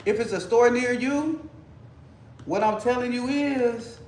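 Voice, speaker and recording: A man's voice: extremely high pitch, takes it slowly, darkish tone, slight background noise. A man hosting a casual cooking livestream, talking playfully and teasing his chat while he cooks. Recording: echoey room.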